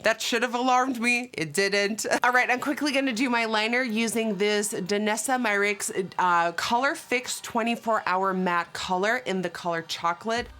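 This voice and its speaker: A woman, chatting as a beauty vlogger and telling a story while doing her makeup. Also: medium pitch. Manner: animated, acts out quotes, fast asides.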